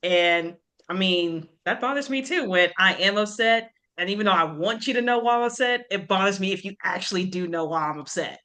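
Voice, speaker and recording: Bright-voiced woman chatting about a book. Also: mid-range voice, a little fast, few pauses. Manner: chatty, laughs often, animated retellings. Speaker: book club podcast host. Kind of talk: casual book chat.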